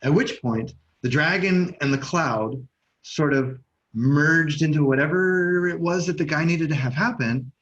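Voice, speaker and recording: A man co-hosting a podcast as an NLP coach, telling stories in a loose, animated way and swearing freely. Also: a little high, unhurried. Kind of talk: casual conversation. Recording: slightly dull, muffled sound.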